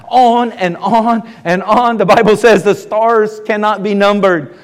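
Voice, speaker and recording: A middle-aged man preaching a sermon as pastor, animated and mocking skeptics in put-on voices. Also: sits high, unhurried, clean tone. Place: church sanctuary. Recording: long reverb of a church hall.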